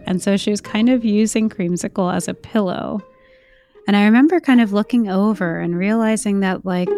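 A woman telling a personal story in a reflective, conversational way, with frequent fillers. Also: mid-range voice. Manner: reflective, uses many fillers like "like" and "you know".

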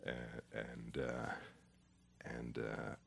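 Very deep gravelly-voiced man. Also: completely flat delivery, drawn-out words. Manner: rambling, self-deprecating storyteller. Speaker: actor, interview guest. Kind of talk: casual interview chat.

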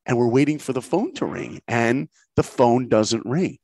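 Brief: middle-aged male guest, a dry close sound, punchy and animated, acts out every line. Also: mid-range voice, normal speed, no room sound. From New York. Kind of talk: motivational storytelling.

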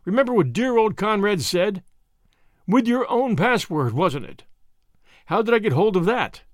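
A man's voice: high-pitched, lively intonation, moderate pace, no echo, clean studio sound, pitched above the performer's own voice. A man voicing a cool, flippant young Englishman who mocks and bluffs his captors. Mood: scornful. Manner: confident, mocking.

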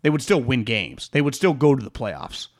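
A man with a mid-range voice and normal speed co-hosts a sports betting podcast, keeping the sports chat casual. He rambles animatedly, swears often, and laughs a lot.

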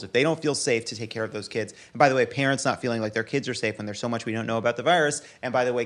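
Impassioned man hosting political talk. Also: medium pitch. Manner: impassioned, listing arguments in long runs. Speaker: podcast host. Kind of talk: casual political commentary.

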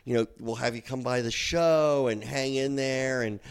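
A man's voice: mid-range voice, normal speed, clear, resonant tone. A middle-aged man co-hosting a podcast, telling a story in casual chat and acting out the voices of the people in it. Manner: animated storyteller, acts out quotes. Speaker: podcast co-host.

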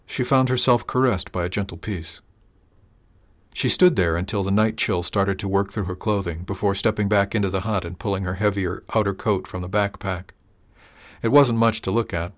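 A man narrates a storybook in a calm, measured way. His voice sits a little low, and he reads at an unhurried pace. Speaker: audiobook narrator.

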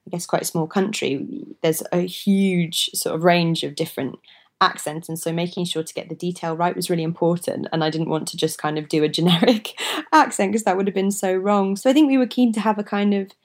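Chatty young woman, slightly low voice. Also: steady tone, fairly quick. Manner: chatty, laughs often, many hedging fillers. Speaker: actress, guest. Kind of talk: casual interview chat.

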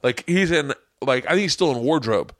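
A middle-aged man tells a long, animated story on his podcast and acts out each person in it. He swears freely, and his voice is recorded dry and close to the mic. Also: medium pitch, fairly quick, no echo. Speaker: podcast host. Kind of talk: casual chat.

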